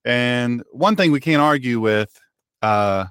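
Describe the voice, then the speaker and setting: A man's voice: mid-range voice, lively intonation, takes it slowly, a bit bright, smooth, no room sound. Man, radio host and pastor, folksy mock-drawl, sarcastic casual monologue, dry studio sound.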